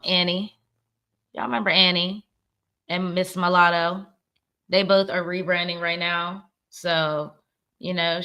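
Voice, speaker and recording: A woman's voice: on the low side, bright, forceful tone. A woman hosting a casual pop culture stream, talking candidly and cursing freely, with an accent that mixes Virginia and the northern US. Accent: mixed Virginia and northern US. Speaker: podcast host.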